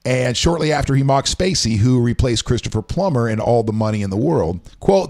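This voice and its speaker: A man's voice: medium pitch, lively intonation, brisk, few pauses, a little mellow. A man co-hosting a casual talk show, rambling and reading news items aloud with his own asides. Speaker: show co-host. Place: home.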